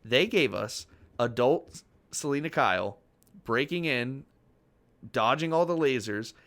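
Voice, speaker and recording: A man's voice: mid-range voice, expressive, unhurried, fairly bright tone. A man co-hosting a casual podcast, talking with enthusiasm, retelling scenes and swearing freely. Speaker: podcast co-host.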